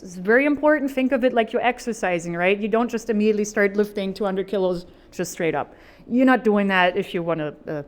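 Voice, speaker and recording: A woman's voice: medium pitch, darkish tone. A woman voice actor giving an informal how-to talk at a convention panel, chatty and upbeat with jokey asides.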